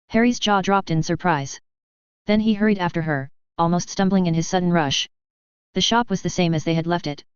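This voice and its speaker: Female narrator, steady story reading, lowish voice, dull dry sound. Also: clear, resonant tone, no room sound. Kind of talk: audiobook reading of fan fiction.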